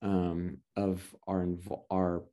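A man's voice: sits low, level tone, takes it slowly, dark tone. A man in his thirties telling a personal story in casual chat, rambling with restarts and acted-out quotes. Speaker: guest adoptive father.

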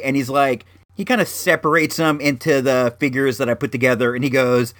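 A man's voice: mid-range voice, normal speed, few pauses, fairly bright tone. A man casually telling a personal story on his show, rambling with lots of fillers and restarts.

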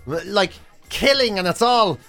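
A man's voice: high-pitched, lively intonation, slow, gravelly, pushed and bright, soft background music. A man co-hosting a comedy podcast, rambling in a sardonic, sweary, casual way. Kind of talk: casual comic chat.

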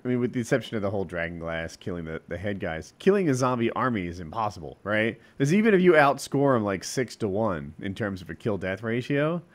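Lively-voiced man chatting casually. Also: lowish voice, fairly quick, few pauses. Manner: animated, mimics others mid-story. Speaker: podcast co-host. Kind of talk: casual chat.

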